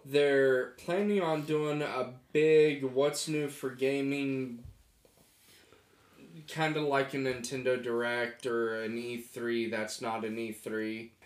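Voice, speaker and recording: A man doing a casual gaming news rundown on a podcast, halting with fillers. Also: medium pitch, fairly even intonation, reverberant.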